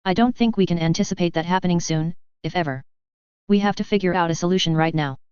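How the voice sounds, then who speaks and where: A woman reading fan fiction aloud, voicing an anxious but determined young witch who talks briskly and insistently, on a dull lo-fi recording. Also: lowish voice, darkish tone, clean tone, dry recording, close to an everyday voice. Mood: worried, brisk.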